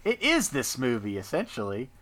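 A man co-hosting a casual movie review chat, joking and acting out characters in quick asides. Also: mid-range voice. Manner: animated, jokey, acts out characters in quick asides.

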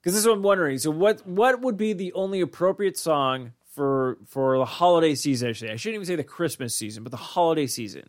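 A man's voice: fairly high pitch, fast talker, few pauses. A man chatting casually on a podcast, rambling and swearing as he gets worked up. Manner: rambling, profane, excitable.

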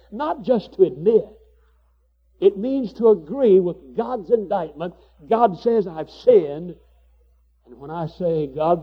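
A man's voice: sits high, breathy edge, lo-fi sound. A man preaching a sermon with fervor, repeating phrases for emphasis.

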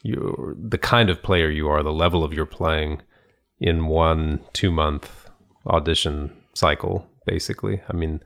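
A man's voice: rumbling low, measured pace, vocal fry, fairly bright tone. A man co-hosting a casual conversation, telling stories in a thoughtful, rambling way with frequent restarts and laughs. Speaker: podcast co-host.

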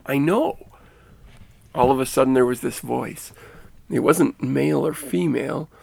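A man earnestly recounting a personal experience, halting now and then and restarting phrases. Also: medium pitch, darkish tone, no echo. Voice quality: gravelly. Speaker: storyteller recounting a near-death experience. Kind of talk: personal storytelling.

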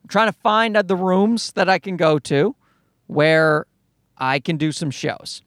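A comedian from Newfoundland with a Newfoundland accent, rambling through a profane, self-mocking solo podcast monologue. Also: male voice, high-pitched, measured pace, fairly bright tone, dry recording, clean studio sound.

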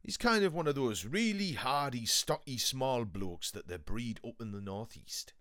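A man's voice: mid-range voice, expressive, normal speed, pushed and bright, no room sound, studio quality. A man from England co-hosting a casual podcast, easygoing and chummy, telling anecdotes. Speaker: podcast co-host. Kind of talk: casual chat.

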